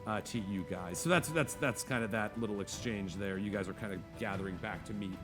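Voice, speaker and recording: A man's voice: fairly low pitch, fairly quick, over music. A man narrating a tabletop game as game master in a casual, rambling way full of fillers.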